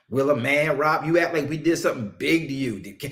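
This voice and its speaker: A male preacher teaching a Bible-study sermon, emphatic and conversational, drawing answers from his listeners and slowing down to stress scripture. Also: on the high side, a bit bright. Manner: casual Southern-leaning vernacular, mocking asides.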